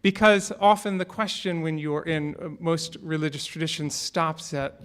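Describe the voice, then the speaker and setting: Male minister, fairly high voice, relaxed conversational sermon with humor. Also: normal speed, few pauses, smooth. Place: church sanctuary.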